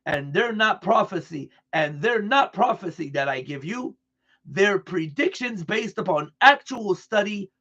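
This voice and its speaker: A man reading a broadcast transcript aloud in an earnest, deliberate way, restarting now and then over a word. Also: high voice, fairly bright tone, dull audio. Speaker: reader.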